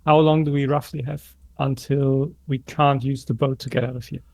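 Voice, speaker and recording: A man playing a tabletop game, calm and deliberate. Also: mid-range voice, no room sound. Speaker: player.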